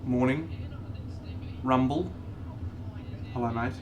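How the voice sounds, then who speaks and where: A man talks in a relaxed, unhurried way while greeting viewers on a live stream. His pitch sits in an ordinary middle range. A steady hum of noise runs behind his voice. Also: highs cut off. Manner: greets chat viewers while painting a model, laid-back. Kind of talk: casual live-stream chat.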